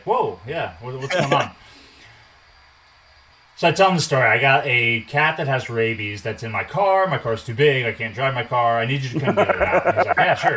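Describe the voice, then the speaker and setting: A man in his twenties telling a casual, animated story, swearing and acting out what people said. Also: mid-range voice, low-quality recording. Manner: animated, swears, acts out quotes.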